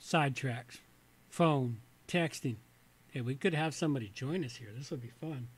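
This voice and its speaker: A man's voice: medium pitch, moderate pace, husky. A slightly tipsy man hosting a casual livestream, reading from an old reference book and breaking off into muttered, rambling asides. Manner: rambling, muttered asides between read passages. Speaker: host.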